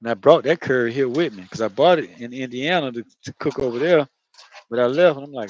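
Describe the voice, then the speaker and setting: A man's voice: mid-range voice, fairly quick, muffled recording. A man with a Florida accent chatting loosely while he cooks, rambling, laughing and swearing as he goes. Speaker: home cook. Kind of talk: casual cooking vlog talk.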